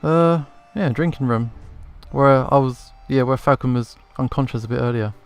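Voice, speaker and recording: A man's voice: mid-range voice, normal speed, few pauses, clear, resonant tone, faint music behind. A man commentating his game playthrough, thinking aloud and second-guessing himself. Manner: thinking aloud, self-doubting. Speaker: let's play gamer.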